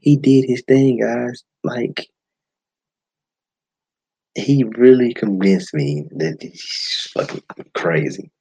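A man hosting a podcast, giving a blunt, animated movie-review monologue with frequent swearing. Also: mid-range voice, slow pace, creaky, long pauses, husky, dry recording, poor audio. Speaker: podcast host.

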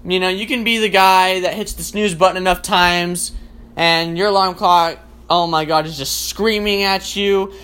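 A man doing a rambling, profanity-filled comic rant in a casual, animated way. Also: high-pitched, moderate pace, clear, resonant tone. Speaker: comedian.

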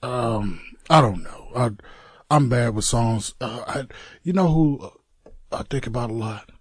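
A man's voice: medium pitch, a little slow, breathy edge, no room sound. A man co-hosting a casual radio show, teasing his partner with dry humor. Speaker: radio co-host.

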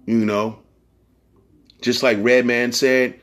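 A man's voice: medium pitch, animated, normal speed. Give me a man hosting a podcast in a loose, profane monologue. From San Francisco Bay Area. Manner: profane, rambling, streetwise slang. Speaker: podcast host.

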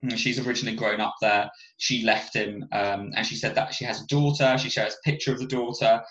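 A man's voice: on the low side, steady tone, a little fast, fairly bright tone, reverberant, lo-fi sound. A man talking casually about a film, rambling with many fillers and restarts.

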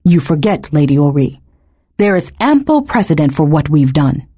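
A woman puts on a coldly measured male cult leader who clips his words for an audiobook. The voice is low, husky and dry. His pitch moves a lot while he lays out his zealous reasoning. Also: sing-song, warm tone, no room sound, exaggerated voice. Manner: coldly measured, slightly clipped.

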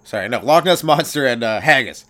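A man, a comedian hosting his own podcast, riffing through a stand-up monologue, swearing freely and breaking into loud exaggerated voices. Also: medium pitch, lively intonation, a little fast. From Canada.

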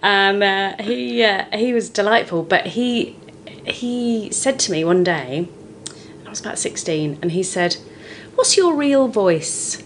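A woman's voice: mid-range voice, unhurried, a little hiss or hum. A woman in her forties from the United Kingdom, a guest talking frankly and expressively about her life in a podcast conversation. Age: 40s. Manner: frank, expressive storytelling with lively swings. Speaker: guest, comedian.

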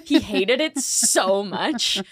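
A young adult woman co-hosting a podcast, chatting casually with wry, deadpan jokes and casual swearing. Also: mid-range voice, takes it slowly, breathy edge, dry recording, studio quality. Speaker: podcast co-host. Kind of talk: casual chat.

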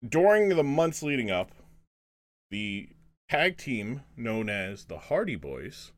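Speaking at a medium pitch, a male podcast host sounds very animated as he chats casually. He rambles haltingly, restarting sentences and leaning on fillers again and again.

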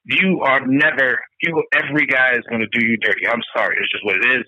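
A man's voice: mid-range voice, lively intonation, fast, sharp tone, breathy edge, no echo. A man co-hosting a casual podcast chat, ranting emphatically with a lot of profanity. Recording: dull lo-fi dry recording.

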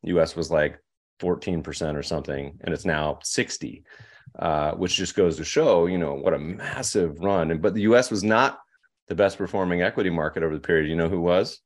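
A man's voice: sits low, a little fast. A man guesting on a podcast, chatting loosely with lots of fillers and restarts. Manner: rambling, with many fillers and restarts. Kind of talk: casual podcast conversation.

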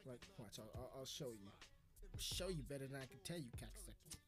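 A man hosting a podcast, rambling and cursing heavily, yelling now and then, smoking between sentences into a podcast microphone. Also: medium pitch, expressive, a little fast, music in the background. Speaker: podcast host. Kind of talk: casual profane podcast chat.

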